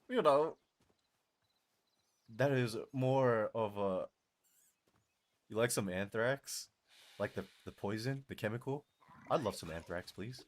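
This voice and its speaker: Streaming live, this man talks loosely with viewers and responds to their messages, lively and quick to break into laughter. His pitch sits in the middle, though the voice comes across strained and worn out.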